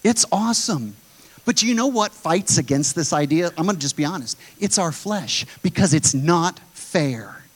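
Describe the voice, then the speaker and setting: A man's voice: a little high, lively intonation, moderate pace, husky. A man preaching a sermon to his congregation, talking straight to them and driving his points home by repeating them. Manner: preaching with emphatic repetition, addresses the congregation directly. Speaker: pastor.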